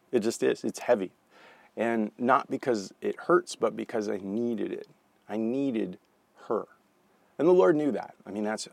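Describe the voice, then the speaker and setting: A man's voice: medium pitch, gravelly, dry recording. A man giving an earnest morning devotional talk, conversational with small restarts, ending in prayer. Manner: earnest, warm pastoral encouragement with a closing prayer. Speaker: devotional speaker.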